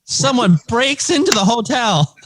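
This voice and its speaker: A man's voice: extremely high pitch, background noise. A man co-hosting a crude comedy podcast, telling a story and laughing through it. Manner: laughs through his own story, slow animated telling. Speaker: podcast co-host.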